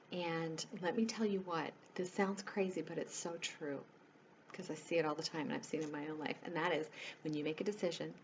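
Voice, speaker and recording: A woman's voice: fairly low pitch, a little hiss or hum. A woman life coach talking straight to her viewers in a casual, earnest way, pleading with them and leaning on "you know" as she goes. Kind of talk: casual direct-to-camera chat.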